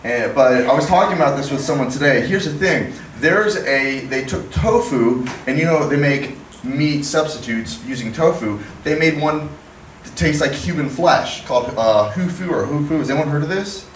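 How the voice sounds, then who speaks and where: A man's voice: on the high side, a little hiss or hum. Rambling young man doing stand-up, echoey room. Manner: rambling, acts out characters in quick asides. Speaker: stand-up comedian. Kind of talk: open-mic stand-up set. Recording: echoey room recorded from far off.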